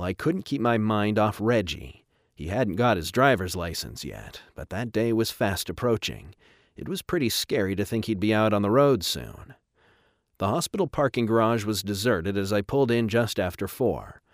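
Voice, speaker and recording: Low-voiced male audiobook narrator. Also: dry recording, studio quality. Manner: even, measured reading. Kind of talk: first-person audiobook narration.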